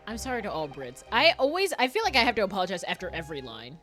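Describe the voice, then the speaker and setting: Lively, bright woman streamer, giggly and cussing, faint music. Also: medium pitch, fast talker, hardly any pauses. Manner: giggly, playful and profane. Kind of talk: casual live-stream chat.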